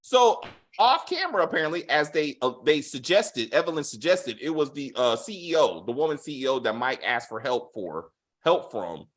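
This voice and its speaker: A man co-hosting a casual TV review chat, talking in an animated, profane way and acting out characters' lines. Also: fairly high pitch, moderate pace. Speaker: co-host reviewing a TV series.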